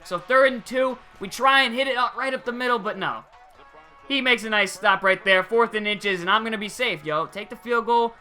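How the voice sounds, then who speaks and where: A young man giving casual, excitable gameplay commentary over a football video game, using slang and chuckling often. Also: high voice, normal speed, soft background music. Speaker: gaming channel host.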